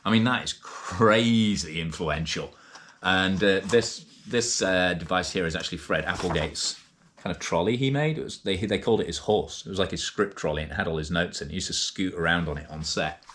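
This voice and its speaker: A man, chatting in a casual vlog and reading out passages from a book, with lots of fillers and lively asides. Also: deep voice, a little fast. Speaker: vlogger and co-author reading from a book.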